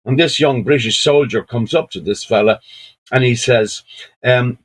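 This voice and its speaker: An Irish man telling stories at an online session, unhurried and reflective, with friendly asides. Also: medium pitch, slightly rough. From Ireland. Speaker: storyteller. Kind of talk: storytelling talk at an online session.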